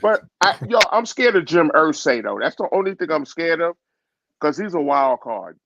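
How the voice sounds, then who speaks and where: Guy calling in to a sports show, kinda high voice, muffled dry audio, chill and slangy. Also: big pitch swings, moderate pace, fairly bright tone, dry recording. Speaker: call-in guest. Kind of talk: casual chat.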